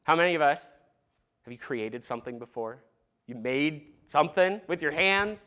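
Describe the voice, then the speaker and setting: A young man preaching a sermon to a congregation in a church, animated and conversational with asides to the crowd. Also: a little high, normal speed. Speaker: pastor. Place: church sanctuary.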